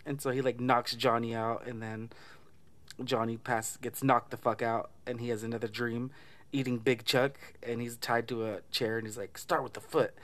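Man, casual movie recap, mid-pitched voice, laughs a lot, swears, mimics characters. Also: level tone, normal speed, fairly bright tone.

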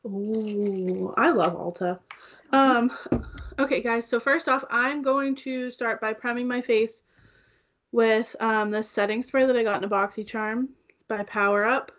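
A woman's voice: on the high side, fairly even intonation, measured pace, fairly bright tone. A young woman co-hosting a casual makeup chat, talking loosely with lots of "like" fillers, on a dull lo-fi recording. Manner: chatty, fillers of "like" throughout. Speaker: co-host.

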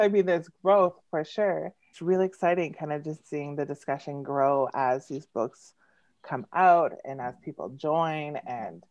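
A giggly, animated woman in her thirties, a poet guest chatting on a video call. Her voice sits a little low and sounds dull and lo-fi. The room is dry, with no echo. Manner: giggly, animated, laughs often. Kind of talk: casual storytelling chat.

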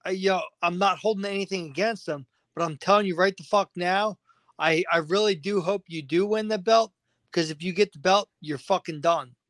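A man's voice: high voice, normal speed, fairly bright tone, dry recording. A man guest on a podcast interview, agitated and venting, swearing constantly. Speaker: fighter guest.

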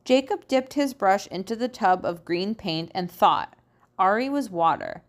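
A woman reads a children's storybook aloud. Her voice rises and falls in a lively, sing-song way, and she takes her time with each phrase. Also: mid-range voice, a little slow. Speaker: storybook reader. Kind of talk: children's read-aloud narration.

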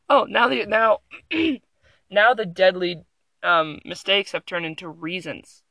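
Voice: mid-range voice, measured pace, vocal fry, pushed and bright, no room sound. A young adult vlogger reading an article aloud at home into a phone, with sarcastic, giggly, rambling commentary. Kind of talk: casual reaction commentary. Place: room at home.

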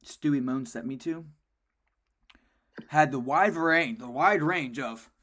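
Young man, podcast co-host, casual sports chat, slightly high voice, animated storyteller. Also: takes it slowly. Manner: animated storyteller, jumps in pitch when excited.

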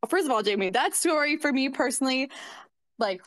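A woman with a fairly high voice co-hosts a podcast. She sounds earnest and supportive, and her voice is dry and close with no room sound. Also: lively intonation, fairly quick, a bit bright, dry recording. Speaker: podcast co-host. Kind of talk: casual podcast conversation.

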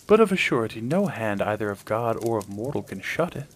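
Man reading a young heavenly weaving maiden: low, wistful, pleading. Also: big pitch swings, brisk, a little hiss or hum. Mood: defiant.

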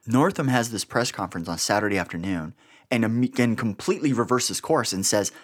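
A man's voice: on the low side, animated, a little fast. A man hosting a podcast, giving blunt, sarcastic political commentary with an exasperated edge. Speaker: podcast host.

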